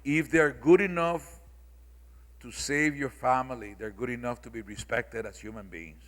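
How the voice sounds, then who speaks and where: A man's voice: mid-range voice, normal speed, fairly bright tone, a little hiss or hum. A man speaking at a symposium, lecturing the audience in an emphatic, repetitive, preacherly way. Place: large hall. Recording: long reverb of a large hall.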